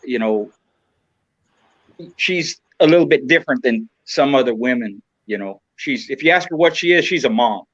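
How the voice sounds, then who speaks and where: A man's voice: mid-range voice, animated, normal speed, fairly bright tone, no room sound. A man of about sixty from Southern California talks as a podcast guest. He rambles in a frank, profane way, filling gaps with "you know." His voice sits in the middle of the male range, and the sound is dull, lo-fi and dry. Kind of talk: casual chat.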